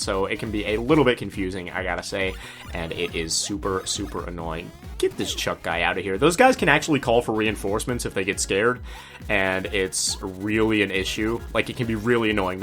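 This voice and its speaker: A man's voice: lowish voice, fairly bright tone. A man casually commenting on a video game as he plays, chatty and joking. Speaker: let's play host. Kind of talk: gameplay commentary.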